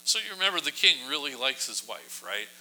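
A man preaching a sermon in a casual, humorous storytelling style, often adding quick asides to his listeners. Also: on the high side, sing-song, pushed and bright, rough recording. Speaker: pastor.

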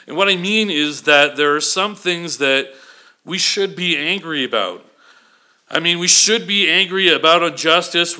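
A pastor with a sharp, fairly high male voice delivers a sermon in a conversational style, frequently checking in with his congregation by asking "okay?"

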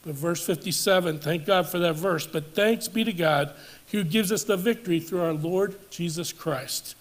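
A man preaching a sermon at a church service as pastor, measured and deliberate, slowing down and dropping low for emphasis and rising with force when he reads climactic scripture.

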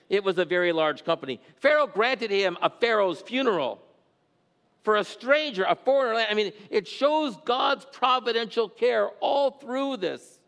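A man's voice: medium pitch, fairly bright tone, smooth, long reverb tail. A pastor preaching an expository sermon, a man whose voice climbs and drops for emphasis as he explains scripture.

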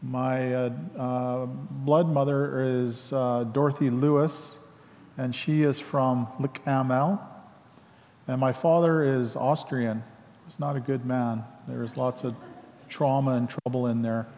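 A man telling his personal story in a reflective, halting way with many fillers, acting out both sides of remembered conversations. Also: mid-range voice, level tone, darkish tone, in a large hall. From Canada. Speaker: speaker sharing his life story.

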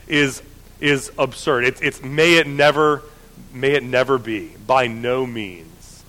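A man preaching a sermon, telling the story in a lively, conversational way with frequent restarts. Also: fairly high pitch, a little slow, in a large hall.

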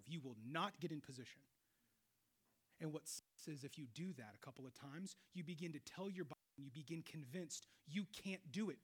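High, bright-voiced preaching man. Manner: animated preaching, swinging between loud exclamations and low quiet stretches. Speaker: pastor. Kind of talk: sermon.

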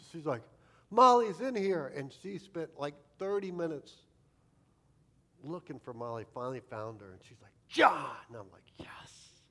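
A male pastor tells a childhood story in a sermon with a self-deprecating, humorous touch. His voice sits in an ordinary middle pitch for a man.

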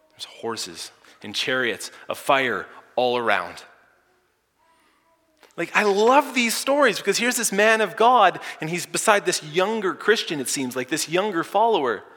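A male pastor preaching a sermon with great drama, dropping to hushed near-whispers and then rising to loud, emphatic lines. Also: on the high side. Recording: echoey church hall.

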